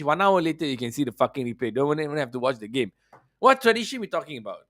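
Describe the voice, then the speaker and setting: A man's voice: on the high side, fairly bright tone, no echo, clean studio sound. Ranting, profane man. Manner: profane, mocking rant. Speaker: football podcast host. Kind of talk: ranting football commentary.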